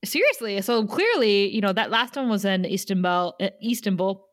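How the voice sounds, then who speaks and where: She's a podcast co-host with a medium-pitched, animated voice, casually retelling an episode and dropping in quick, chatty asides. The recording is clean studio sound with no room sound.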